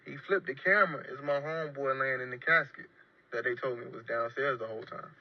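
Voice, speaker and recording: A man's voice: mid-range voice, steady tone, a little fast, no echo, muffled recording. A man telling a personal story casually and emphatically, often repeating his phrases. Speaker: storyteller in a played clip.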